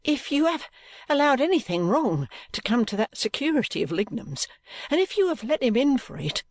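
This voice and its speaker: A man's voice: very high voice, very animated, moderate pace, dry recording, pitched above the performer's own voice, full character voice. A man reading an audiobook, voicing a middle-aged soldier's wife who scolds with emphasis and near tears. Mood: reproachful. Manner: emphatic, reproachful, tearful. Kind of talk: audiobook character voice.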